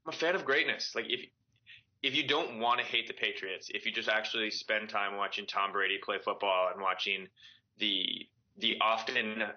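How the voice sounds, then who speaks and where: A man's voice: fairly low pitch, steady tone, moderate pace, muffled recording. A man co-hosting a casual sports podcast, giving confident, opinionated analysis. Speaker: podcast co-host.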